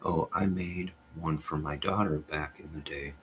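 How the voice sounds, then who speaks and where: A man with a very deep, steady, fairly bright voice speaks a little slowly, with a slight hiss or hum in the audio. He is hosting a casual livestream from home, with goats nearby, reading the chat aloud and teasing viewers by name.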